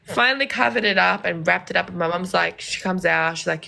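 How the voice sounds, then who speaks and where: Lively young woman telling stories. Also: lowish voice, fairly quick, gravelly. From Lebanon. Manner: animated, acts out voices in quoted dialogue. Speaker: podcast guest. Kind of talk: casual storytelling.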